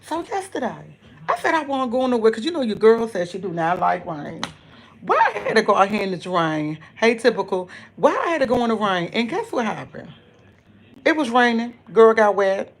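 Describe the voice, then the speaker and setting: A woman's voice: fairly high pitch, very animated, normal speed, slight background noise. A woman hosting a casual live stream, greeting viewers by name and telling a rambling story with many restarts. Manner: chatty, greets viewers by name and reads comments aloud.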